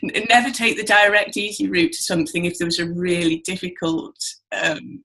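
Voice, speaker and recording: Brief: woman interview host, lowish voice with gravelly fry, reflective, laughs easily, self-correcting. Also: moderate pace, pushed and bright. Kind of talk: conversational interview.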